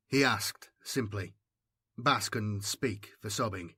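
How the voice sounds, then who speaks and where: Steady male audiobook narrator, dry sound. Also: fairly low pitch, slow, slightly rough, no echo.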